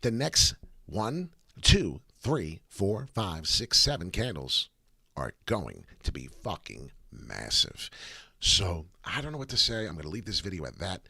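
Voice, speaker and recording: A man hosting a live crypto chart commentary, excitable, profane and rambling. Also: low-pitched, measured pace, gravelly, breathy edge, no room sound, studio quality. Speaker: crypto chart analyst, channel host.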